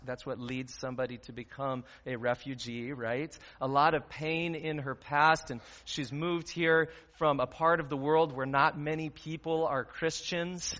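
A pastor delivers a sermon in a chatty, earnest manner, and his voice has a bright, forceful edge. He sits a little higher than most men. The sound is dull and lo-fi, with a long reverb from a church hall. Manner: earnest, conversational preaching with fillers.

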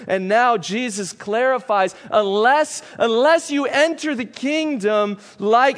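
A man preaching a sermon as a pastor, earnest and emphatic, moving between stressed peaks and quiet, grave passages. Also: high-pitched, in a large hall.

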